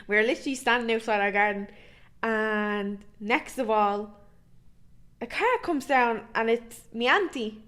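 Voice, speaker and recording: A young woman from Ireland with a Dublin accent, co-hosting a podcast and telling a story in a casual, animated way with plenty of swearing. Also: on the high side, unhurried. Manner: animated, swears freely, acts out voices in her story. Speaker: podcast co-host.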